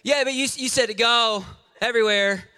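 Animated, bright-voiced male preacher. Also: extremely high pitch, moderate pace, clear, resonant tone. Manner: animated, jokey, acts out scenes with a volunteer. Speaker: pastor. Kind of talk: lively sermon with audience interaction. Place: church sanctuary before a congregation.

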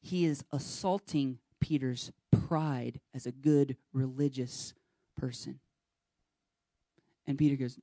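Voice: medium pitch, a little slow, dark tone, no room sound, studio quality. A pastor preaching earnestly and urging the listeners directly, now and then acting out short bits of dialogue. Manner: acts out short dialogue scenes. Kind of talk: sermon.

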